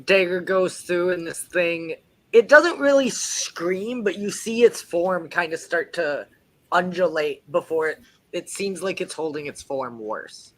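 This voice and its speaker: A man's voice: high-pitched, lively intonation, unhurried, a bit bright. A man narrating as game master of a tabletop game, casual and stopping to check rules aloud.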